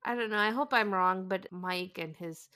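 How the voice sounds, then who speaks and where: A woman's voice: mid-range voice, normal speed. A woman co-hosting a podcast, chatting casually about a reality show and acting out what the cast said. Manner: animated, acts out quotes from the cast. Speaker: podcast co-host. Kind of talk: casual reality TV recap chat.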